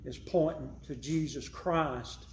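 A man preaching a sermon, emphatic and repeating his key phrases, rising louder on his main points. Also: a little high, slow, reverberant, a little hiss or hum.

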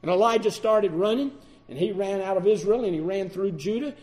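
High, mellow-voiced preacher. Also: male voice, a little fast. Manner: dramatic, swings between loud and hushed. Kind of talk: sermon.

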